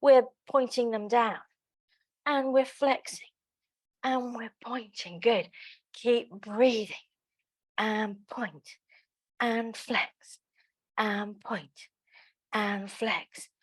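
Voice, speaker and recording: A woman's voice: on the high side, steady tone, very slow, long pauses. A woman instructor leading a pilates class. She calls out breathing and movement cues and counts reps aloud. She drops in playful, chatty asides between the cues. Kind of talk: live exercise class instruction.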